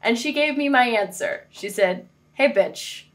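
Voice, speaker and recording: A woman's voice: fairly high pitch, lively intonation, moderate pace, a bit bright. A woman hosting a faith vlog from her apartment, chatting casually with jokey, playful asides. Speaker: faith video host.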